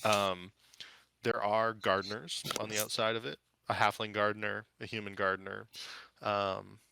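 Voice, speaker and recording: A man's voice: mid-range voice, vocal fry, pushed and bright, clean tone, no room sound. A man narrating as dungeon master, hesitant and full of fillers. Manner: hesitant, many fillers and restarts. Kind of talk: narrating a tabletop game.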